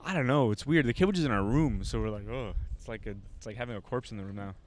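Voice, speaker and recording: A man's voice: medium pitch, quick pace, slight background noise. A man co-hosting a podcast in casual chat, telling stories with frequent laughter. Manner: laughs often, animated storytelling. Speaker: podcast co-host.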